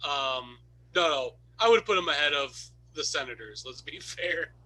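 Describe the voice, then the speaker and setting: Co-host, man: very bright, sharp tone, lively swooping pitch, jokey delivery. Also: normal speed, slight background noise, poor audio. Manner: lively, jokey, breaks into laughter. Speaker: podcast co-host. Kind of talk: casual chat.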